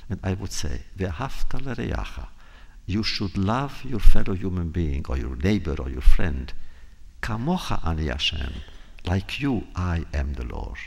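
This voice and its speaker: Man, low voice, heavy gravel and fry, lively swooping intonation, unhurried public talk, repeats phrases for emphasis. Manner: unhurried, acts out quoted dialogue in a raised voice. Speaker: guest speaker.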